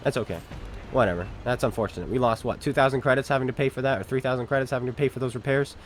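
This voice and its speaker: A man's voice: medium pitch, very fast. A man giving sarcastic, joking commentary over a tank game, talking to enemies and viewers as he plays. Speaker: gaming commentator. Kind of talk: casual gameplay commentary.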